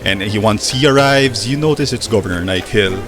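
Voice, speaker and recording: A man narrating as game master of a tabletop game, relaxed and hesitant, with many fillers. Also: on the low side, a little fast, music in the background.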